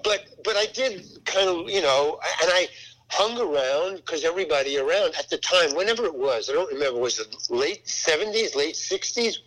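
An older man, an actor, telling a rambling anecdote from a film shoot in a casual, halting way. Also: on the high side, expressive, a bit bright, low-quality recording. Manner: rambling, halting, full of restarts.

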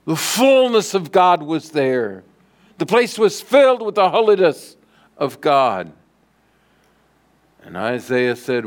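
A middle-aged man preaching a sermon as pastor, telling stories dramatically and swinging from loud declarations to hushed lines. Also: a little high, big pitch swings, takes it slowly.

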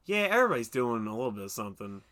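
Bright-voiced man riffing on movies. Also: medium pitch, racing. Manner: animated, slips into exaggerated impressions and silly voices. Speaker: podcast co-host. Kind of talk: casual movie review chat.

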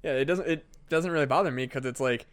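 A man's voice: medium pitch, fast talker, smooth. A man co-hosting a comedy podcast, talking in a laid-back, sweary way. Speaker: podcast co-host. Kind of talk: casual chat.

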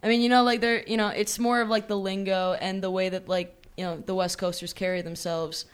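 A young woman from Los Angeles, a musician guest chatting in a relaxed way on a radio show, with many fillers. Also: mid-range voice, brisk, smooth. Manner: laid-back, laughing, filler-heavy. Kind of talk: casual radio interview. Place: radio studio.

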